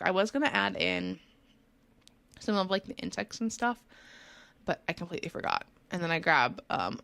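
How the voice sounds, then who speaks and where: Sleepy, chatty young woman with a gravelly voice. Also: lowish voice, sharp tone. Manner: chatty, rambling, many fillers and little laughs. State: sleepy, yawning. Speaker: gaming channel host. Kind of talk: casual speed-build commentary.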